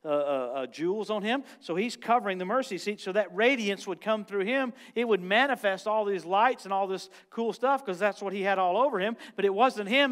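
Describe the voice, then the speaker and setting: A man with a somewhat high voice preaches a lively, animated sermon. He jumps between loud, excited bursts and quieter, low-key asides. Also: normal speed. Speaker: guest preacher.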